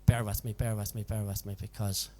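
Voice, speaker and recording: A man's voice: fairly low pitch, level tone, brisk, a little mellow, slight background noise. A man hosting a casual live music stream from his home, chatting in a folksy way and tagging his sentences with "so it did". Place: home in a village. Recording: long reverb with backing music.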